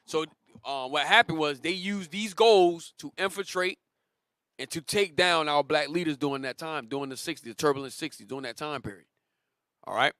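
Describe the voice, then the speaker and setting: Male teacher leading a scripture lesson, emphatic and repetitive, fairly high voice, dry sound. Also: normal speed, a bit bright, clean tone, dry recording. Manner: emphatic, repetitive, directs the reader. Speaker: Bible class teacher. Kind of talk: religious lesson.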